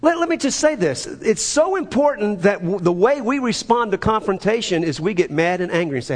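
A male pastor preaching a sermon, emphatic, swinging from urgent high peaks to low, quiet asides. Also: animated, brisk, few pauses. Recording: long reverb of a large hall.

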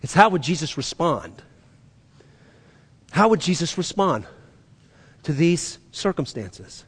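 A man preaching a sermon, animated and acting out the voices he quotes, his voice rising and dropping sharply. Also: a little high, slow pace, husky. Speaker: pastor.

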